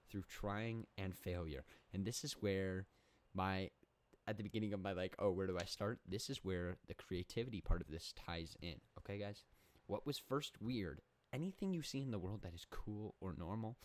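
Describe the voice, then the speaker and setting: Rambling young man, mock-serious, low voice. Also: lively intonation, moderate pace. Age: young adult. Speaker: podcast host. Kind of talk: comedic solo monologue.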